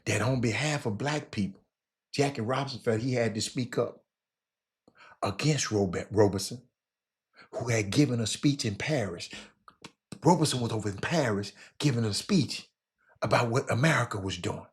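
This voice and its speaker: A man hosting a casual history talk, animated, stumbling and repeating words as he addresses his listeners directly. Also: mid-range voice, normal speed, pauses often. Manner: animated, repeats words, talks to audience as y'all. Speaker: host.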